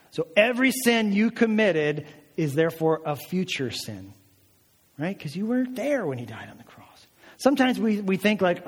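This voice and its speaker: A man's voice: fairly high pitch, long reverb tail. A male pastor preaching a sermon, earnest and emphatic, with a lot of repetition.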